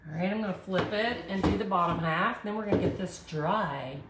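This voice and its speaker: A woman's voice: on the low side, fairly quick, few pauses, very noisy. A woman with a Southern US accent hosting a live art tutorial, chatting with viewers and talking herself through each step in a self-deprecating way. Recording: echoey room.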